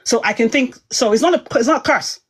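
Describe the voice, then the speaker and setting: A woman's voice: on the high side, brisk, breathy edge. A woman talking heatedly on a livestream, emphatic and rambling as she goes. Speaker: online commentator.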